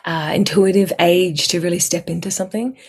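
A woman, a guest telling personal stories in a chatty, animated way. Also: lowish voice, brisk, slightly rough. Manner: chatty, animated, acts out quoted voices, swears casually. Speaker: guest numerologist. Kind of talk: casual interview storytelling.

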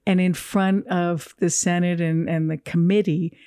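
A woman co-host with a lowish, mellow voice tells stories with animated enthusiasm. She chimes in eagerly with vivid detail. The recording is close and dry. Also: measured pace, clear, resonant tone, no echo. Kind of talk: casual chat, retelling a shared story.

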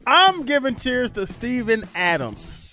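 A man's voice: extremely high pitch, big pitch swings, measured pace, sharp tone, soft background music. A man co-hosting a sports radio show, playful and laughing in casual banter. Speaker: radio co-host.

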